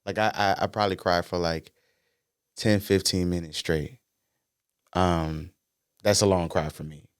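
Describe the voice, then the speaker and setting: Smooth low-voiced man telling stories. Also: measured pace, no room sound, clean studio sound. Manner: relaxed storytelling with slang and fillers. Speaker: guest, R&B singer-songwriter. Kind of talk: casual podcast conversation.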